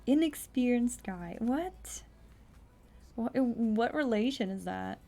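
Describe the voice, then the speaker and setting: A young woman streams a text adventure in a casual commentary style, reading the story lines aloud at speed. She keeps cutting in with blunt, incredulous remarks and the occasional swear. Her voice sits slightly high for a woman, with a noticeable gravelly fry. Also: animated, slow, dark tone.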